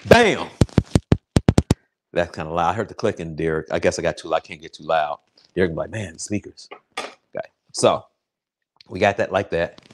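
A man hosting a casual cooking livestream, excitable and crude, joking and chatting straight to his viewers. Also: low voice, brisk, noisy background. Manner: excitable, crude, jokey, chats directly to viewers. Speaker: home cook hosting a cooking show.

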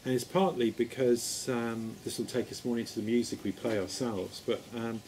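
A man's voice: mid-range voice, normal speed, a little mellow, a little hiss or hum. A man, a folk musician, chatting in a friendly way about the music he plays and prompting his bandmate along. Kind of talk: casual conversation about music.

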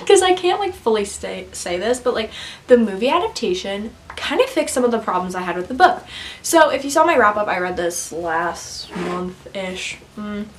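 A woman's voice: medium pitch, a little hiss or hum, rough recording. Chatty young woman talking books. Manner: chatty, giggly, lots of fillers. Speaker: book vlogger. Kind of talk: casual chat to camera.

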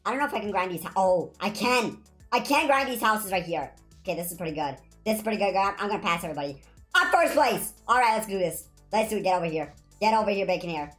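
A woman giving excited commentary on her video game play, shrieking whenever she wins or loses. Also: mid-range voice. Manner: excitable, shrieks when winning or losing. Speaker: gaming YouTuber.

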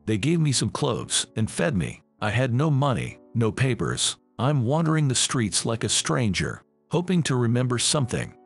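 A timid, humble old man talks in a storybook, read aloud by a man. The voice is gravelly and husky, with animated intonation, and soft music plays beneath. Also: mid-range voice, normal speed, hardly any pauses, full character voice.

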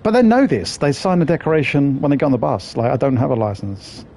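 A man's voice: medium pitch, big pitch swings, quick pace, gravelly, darkish tone, slight background noise. A man streaming a bus simulator, swearing and joking with his chat as he plays. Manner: sweary, jokey banter with chat. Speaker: gaming streamer. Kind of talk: live gameplay commentary.

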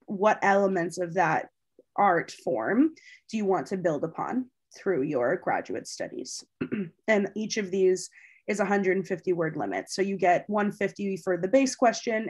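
A woman's voice: on the low side, a little mellow, husky. A woman co-presenting a webinar, explaining an application process in a casual, chatty way with fillers.

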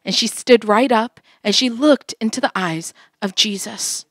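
A woman's voice: a little high, a little slow, no echo, clean studio sound. A woman interpreting a sermon and telling its story in an earnest, heartfelt way.

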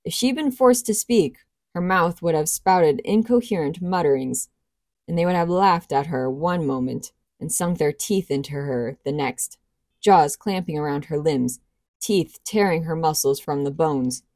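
A woman narrating a novel in a steady, even storybook reading. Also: low voice, a little slow, no echo, clean studio sound. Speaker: audiobook reader.

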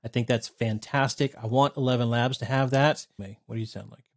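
A man in his thirties casually reviewing software, blunt and sarcastic, swearing freely. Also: mid-range voice, steady tone, brisk. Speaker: tech reviewer. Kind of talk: casual screen-recorded review.

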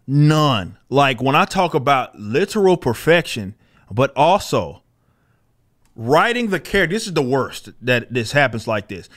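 A man's voice: medium pitch, sing-song, measured pace, fairly bright tone. Blunt, profane male comic commentator. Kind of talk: casual video commentary.

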